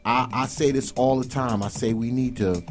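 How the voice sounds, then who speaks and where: A man talking in a casual roundtable discussion, emphatic and repetitive, sometimes rising to loud outbursts. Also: mid-range voice, fairly even intonation, normal speed, soft background music. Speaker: podcast host.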